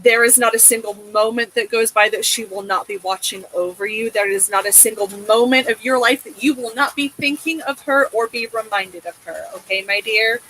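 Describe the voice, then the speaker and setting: A woman's voice: on the high side, a bit bright, a little hiss or hum, low-quality recording. A woman giving a tarot reading in a casual, emotive way, swearing often and checking in with a soothing "okay?". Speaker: tarot reader.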